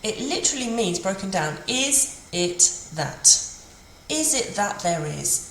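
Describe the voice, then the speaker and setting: A woman teaching a beginner language lesson, patiently repeating phrases slowly for learners. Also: on the low side, animated, creaky, a little hiss or hum. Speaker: French teacher. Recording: roomy with faint ambience.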